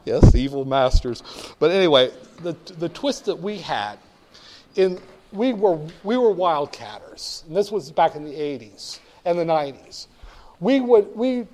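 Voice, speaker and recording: An older man from the northern United States telling stories to an audience in an animated, emphatic, wry way. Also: on the high side, unhurried, slight background noise. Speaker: speaker addressing an audience. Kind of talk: storytelling talk.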